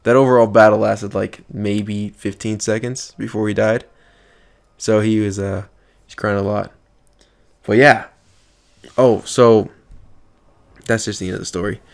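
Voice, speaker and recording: A man's voice: fairly low pitch, level tone, a little slow, creaky, pauses often. A young man telling a story from an online game in a casual, profane vlog. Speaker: gaming video creator.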